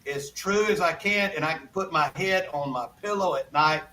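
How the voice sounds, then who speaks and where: Brief: older man, high bright voice, folksy storyteller, distant call audio. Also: normal speed, a little hiss or hum. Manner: folksy, rambling anecdotes with repeated asides. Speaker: guest songwriter. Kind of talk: casual storytelling interview.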